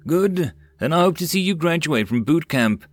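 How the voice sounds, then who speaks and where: A man voicing a calm, confident young male lord who speaks directly. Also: on the high side, moderate pace, no room sound, voice pushed up.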